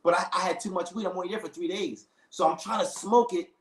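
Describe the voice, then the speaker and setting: Animated man telling a story in an echoey room. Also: high voice, fast talker, a little hiss or hum. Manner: animated storytelling with slang and quoted voices. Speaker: storyteller in a casual conversation. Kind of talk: casual chat.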